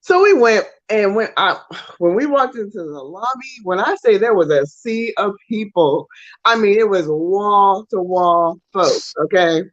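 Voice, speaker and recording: Woman co-host, chatty storyteller, animated, dry lo-fi studio sound. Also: mid-range voice, measured pace, dry recording. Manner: animated storyteller, acts out voices in quotes. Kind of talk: casual storytelling chat.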